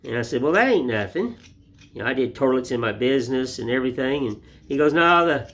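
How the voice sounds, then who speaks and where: A man's voice: mid-range voice, lively intonation, fast. Folksy rambling man whittling in wood shop. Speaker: woodcarving channel host. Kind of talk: casual folksy talk to viewers while whittling.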